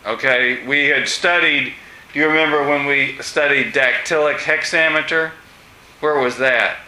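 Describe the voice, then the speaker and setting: A man teaching a class, asking students questions with many pauses and fillers. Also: a little high, fairly even intonation, pushed and bright. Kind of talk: classroom discussion lesson. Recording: echoey room.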